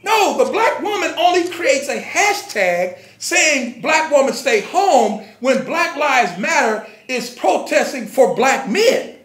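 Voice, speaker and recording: A man rants his commentary in a sarcastic, mocking tone, dropping curses as he goes. His voice sits high, and he talks in a slow, deliberate way. A roomy echo surrounds everything he says. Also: sing-song, fairly bright tone. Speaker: commentary vlogger. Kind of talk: ranting commentary. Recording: echoey room.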